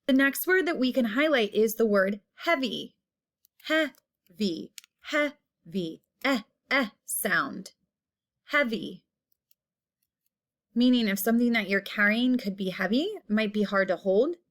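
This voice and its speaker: A woman teacher giving a phonics lesson, saying each word slowly and repeating it while stretching the vowel sounds. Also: on the high side, animated.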